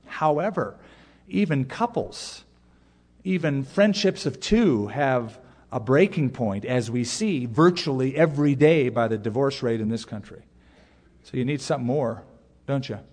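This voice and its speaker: A middle-aged man preaching a sermon as a pastor, earnest, with pauses and sudden emphatic rises. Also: mid-range voice, lively intonation, a little mellow. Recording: long reverb of a large hall.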